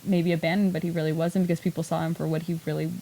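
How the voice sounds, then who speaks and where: A woman hosts a podcast in a low voice, talking at a racing pace over poor audio. Her casual chat is an animated, rambling retelling packed with fillers, especially "like," and she laughs often as she talks.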